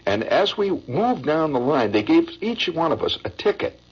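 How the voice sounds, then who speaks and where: A man's voice: a little high, sing-song, normal speed, breathy edge, highs cut off. An older man from Indiana telling a personal story in a rambling, hesitant way, with many restarts. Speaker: veteran recounting a memory.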